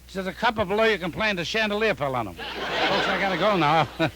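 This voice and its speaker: A comedian telling rapid-fire deadpan jokes on a telephone joke line. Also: male voice, sits high. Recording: noisy archival recording with clicks.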